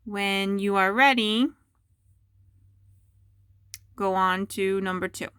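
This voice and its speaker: Young woman teacher, patient, unhurried dictation, dry close sound. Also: medium pitch, fairly even intonation, a bit bright, clear, resonant tone, no room sound. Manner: slow, deliberate dictation with repeated words. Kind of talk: dictating a spelling test for remote students.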